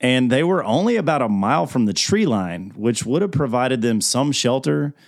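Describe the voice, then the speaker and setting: A man's voice: mid-range voice, lively intonation, normal speed, vocal fry, no echo, studio quality. A man co-hosting a casual podcast, bantering in a jokey, slangy way. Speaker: podcast co-host. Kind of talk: casual chat.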